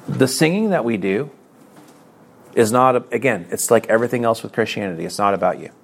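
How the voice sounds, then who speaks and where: A man's voice: mid-range voice, lively intonation, moderate pace, long pauses, breathy edge. A middle-aged man preaching a sermon to his congregation, earnest and conversational, with self-deprecating asides and repeated phrases.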